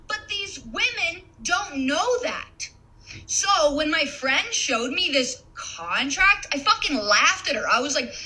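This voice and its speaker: A young woman on a blunt, foul-mouthed rant, her pitch leaping up and down all the while. Her voice is bright and a touch high, and she swears freely and laughs between sentences. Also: animated, normal speed, low-quality recording. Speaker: content creator. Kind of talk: casual profane rant to camera.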